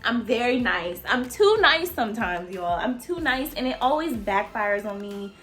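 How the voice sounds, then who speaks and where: A woman nail tech tells a casual storytime in a voice that jumps up and down a lot and sits a bit high. She curses freely and keeps talking straight to her viewers. The room around her sounds echoey. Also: moderate pace, faint music behind. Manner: animated, profane, addresses viewers as y'all. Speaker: nail technician.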